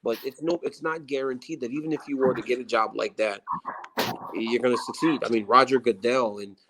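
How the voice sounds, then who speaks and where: A man in his forties, a former fighter, talking as a guest in a casual interview in a relaxed, reflective way, often restarting his sentences. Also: medium pitch, fairly quick, low-quality recording.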